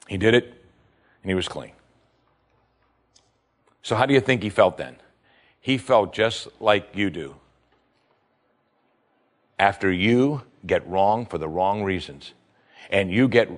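A man preaching a sermon, retelling a scripture story with emphatic asides to his listeners. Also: sits low. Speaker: pastor.

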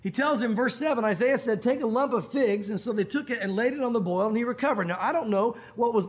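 A man preaching a sermon in a church. He talks conversationally and retells scripture scenes in casual modern speech. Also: very high voice. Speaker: pastor. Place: church sanctuary.

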